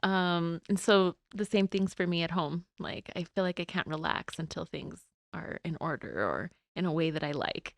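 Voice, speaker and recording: A woman's voice: fairly low pitch, normal speed, creaky, few pauses, no room sound. Giggly woman with a Spanish accent. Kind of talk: casual podcast chat.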